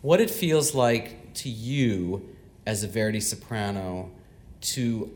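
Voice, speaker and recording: Low-voiced man interviewing onstage. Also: lively intonation, slow, a little mellow. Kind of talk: onstage interview before an audience.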